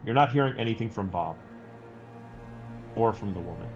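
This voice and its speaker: A man running a tabletop horror game as game master, narrating scenes in a slow, measured way. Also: fairly low pitch, animated, highs cut off, music in the background.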